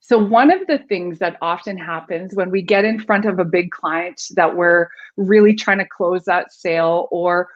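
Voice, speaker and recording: A woman's voice: fairly low pitch, normal speed, hardly any pauses, lo-fi sound. A woman guest explaining communication and vocal delivery in an interview, demonstrating her points with her own voice. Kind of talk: instructive interview talk.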